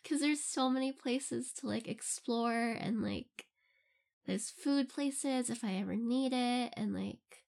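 A woman's voice: fairly high pitch, takes it slowly, vocal fry, darkish tone. Giggly young woman, rambling casually. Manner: giggly, rambling, laughs often between phrases. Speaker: audio creator answering listener questions. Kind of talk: casual Q&A chat.

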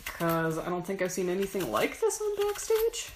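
A woman rambles casually while cooking in her home kitchen, swearing and mocking herself with humor. Her medium-pitched voice swings widely in pitch at a moderate pace, over the noise of a kitchen and a chopping knife.

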